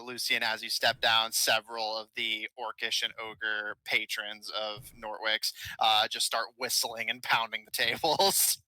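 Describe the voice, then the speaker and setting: A man's voice: mid-range voice, pushed and bright, clear, resonant tone, no echo, poor audio. A man running an online tabletop game as game master, chatty and laughing between lines, full of uhs.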